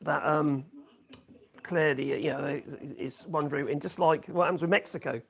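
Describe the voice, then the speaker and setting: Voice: mid-range voice, moderate pace, vocal fry. A live-streamer rambling casually while reading out chat messages, humming and chuckling between thoughts, speaking into a phone in a home workshop. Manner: rambling, hums to self, frequent chuckles.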